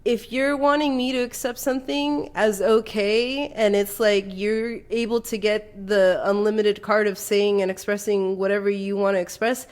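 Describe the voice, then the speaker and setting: A woman's voice: medium pitch, steady tone, moderate pace, hardly any pauses, clean tone. A woman co-hosting a podcast in casual chat, rambling with many fillers and casual swearing. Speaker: podcast co-host.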